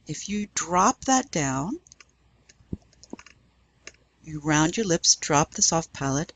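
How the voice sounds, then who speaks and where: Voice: medium pitch, expressive, slow pace, pauses often, a bit bright. A French professor giving a classroom lecture, patiently demonstrating each sound and having the class repeat.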